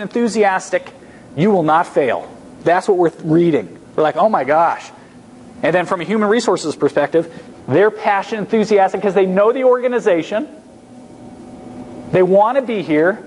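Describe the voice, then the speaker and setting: A man giving a humorous, energetic talk as a guest speaker, emphatic and repeating key points. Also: high voice, slight background noise. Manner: energetic, acts out quoted voices, emphatic repetition. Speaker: guest speaker on job interviews. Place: lecture hall.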